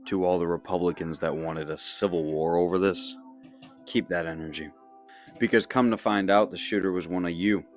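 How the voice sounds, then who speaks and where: A man mocking his opponents with profane, taunting commentary. His voice sits low, and music plays clearly underneath. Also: steady tone, moderate pace. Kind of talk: reaction commentary. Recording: voice over background music.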